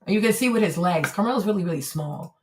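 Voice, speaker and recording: A woman's voice: lowish voice, expressive, fast talker. A woman hosting a casual livestream, talking loosely and animatedly, swearing freely and breaking into surprised exclamations. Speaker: livestream host. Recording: roomy echo.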